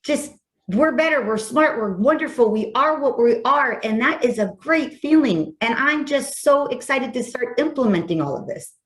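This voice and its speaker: A woman's voice: high-pitched, lively intonation, moderate pace. A woman hosting a podcast conversation, speaking effusively and enthusiastically with frequent restarts. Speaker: podcast host.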